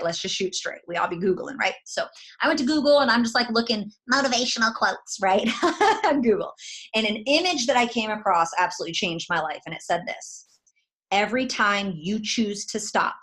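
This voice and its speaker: A woman, talking in a folksy, direct and animated way as she gives motivational advice. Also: mid-range voice. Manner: folksy, direct, animated, says "y'all" a lot. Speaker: guest network marketing leader. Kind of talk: motivational talk.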